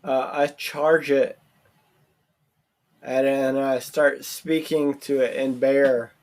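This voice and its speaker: A young man playing a tabletop game, giving laconic, deadpan answers. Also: medium pitch, slow. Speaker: player. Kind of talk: casual chat at a tabletop game.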